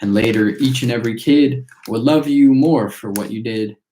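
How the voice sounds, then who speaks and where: A man reading a chorus of tiny singing factory workers, reciting their verse in a steady rhythm. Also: medium pitch, normal speed, a little hiss or hum, lightly acted. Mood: preachy. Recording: roomy echo.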